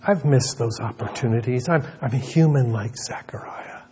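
A man's voice: medium pitch, normal speed, mellow, slight background noise. A male pastor preaching a sermon in an earnest manner, often repeating words as he restarts a thought.

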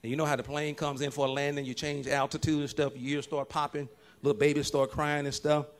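A man preaches a sermon. He swings from soft, low asides to loud, shouted lines and laughs along with the congregation. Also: level tone, fast. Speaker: pastor.

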